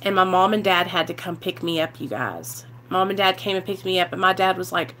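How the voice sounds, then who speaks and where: A woman, candidly telling her life story to the camera, animated and swearing freely, acting out what people said. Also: on the low side, fairly quick, a little hiss or hum. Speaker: vlogger sharing recovery story.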